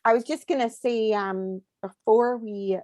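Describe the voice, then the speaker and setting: A woman's voice: on the high side, steady tone, measured pace, a little mellow, dry recording. Laid-back Scottish woman, amused. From Scotland. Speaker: podcast co-host. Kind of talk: casual chat.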